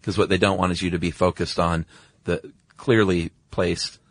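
Deep-voiced man in casual chat. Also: steady tone, fairly bright tone, no echo. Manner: laughs often, quick asides. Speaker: podcast co-host.

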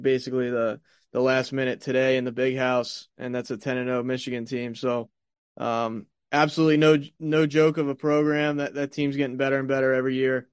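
A man with a raspy voice hosting a casual sports podcast, rambling with lots of fillers and restarts, just over a stomach bug. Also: mid-range voice, no echo, studio quality. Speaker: podcast host.

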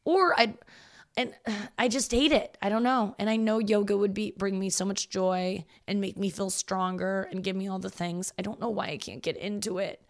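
A woman's voice: medium pitch, fairly even intonation, normal speed. A woman comedian and show host talking in a casual, rambling solo monologue, self-deprecating and swearing freely.

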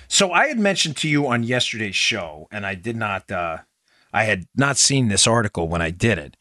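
A podcast host delivers political commentary in clean studio sound with no room echo, his sharp voice swinging widely in pitch at normal speed. He talks emphatically and sarcastically straight to his listeners, calling them folks, and his pitch climbs when he gets worked up.

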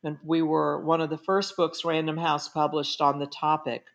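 A middle-aged woman speaks as a guest author in a conversational interview. Her voice sits fairly low, and she talks in an earnest, emphatic way, stressing her points as she gives advice. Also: flat delivery, moderate pace, lo-fi sound.

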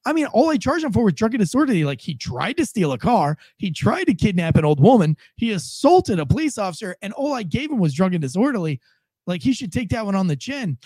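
Animated, profane male storyteller. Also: high-pitched, fast, slightly rough, no room sound. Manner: profane, animated, acts out quotes. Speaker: former police officer telling a story. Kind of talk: casual storytelling.

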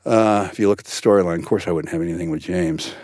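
An older man, an actor guest in a studio podcast interview, telling stories in an animated way with many restarts. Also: sits low, fast, no echo. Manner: animated storyteller, frequent restarts.

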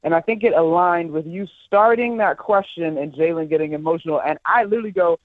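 A woman basketball broadcaster calling in as a guest, telling stories with lively enthusiasm. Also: sits low, a little fast, no echo. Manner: animated, enthusiastic storyteller. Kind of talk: casual sports talk on a call. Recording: tinny phone line.

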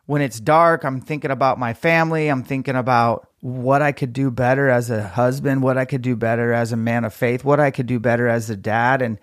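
Earnest man with a smooth, dry voice. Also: mid-range voice, steady tone, dry recording. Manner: earnest, reflective, quick talker. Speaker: podcast host. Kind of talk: casual podcast chat.

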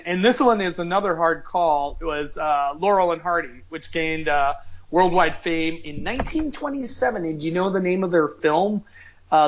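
A man hosts a casual podcast chat in a lively, joking way and often restarts his sentences. His voice sits high for a man. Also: poor audio. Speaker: podcast host.

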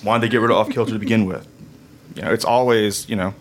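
A man's voice: fairly low pitch, fairly even intonation, fast talker, slight background noise. A man on a casual podcast panel, emphatic and opinionated. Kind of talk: casual chat.

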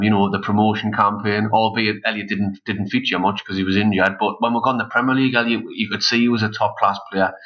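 A man's voice: lowish voice, sharp tone, dull audio. A man co-hosting a casual fan podcast, making his point emphatically.

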